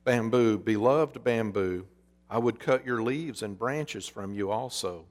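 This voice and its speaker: A man voicing the grave, loving master of a garden in a storybook parable, speaking low. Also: unhurried, big-room sound, lightly acted.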